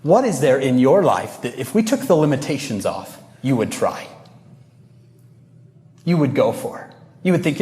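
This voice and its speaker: A man's voice: fairly high pitch, moderate pace. A man giving a motivational talk to young people, telling stories with energy and acting out quoted lines. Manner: animated storytelling, acts out quotes. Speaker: speaker addressing youth. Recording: echoey hall.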